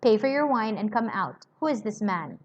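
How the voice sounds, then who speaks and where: A woman's voice: mid-range voice, big pitch swings, normal speed, lightly acted. A woman reading the part of a curt, furtive, irritable man with snappish lines. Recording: dull lo-fi recording.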